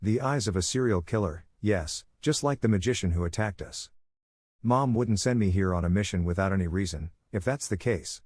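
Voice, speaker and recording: A bold young nobleman full of schemes, read by a man. He states his plans with confidence in a fairly low voice. The sound is dry and close. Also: moderate pace, darkish tone, no echo. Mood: determined.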